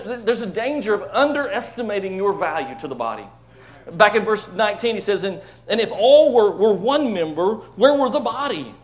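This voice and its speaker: A man preaching a sermon to his church, emphatic, swinging between loud declarations and hushed asides, often repeating words. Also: high voice. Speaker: pastor. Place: church sanctuary.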